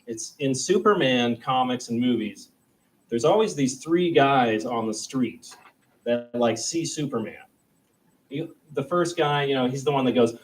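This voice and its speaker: A young man doing a stand-up comedy set, rambling and self-deprecating, and breaking into quick, high-pitched voices for the characters in his stories. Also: far from the mic, low-quality recording. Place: comedy club stage.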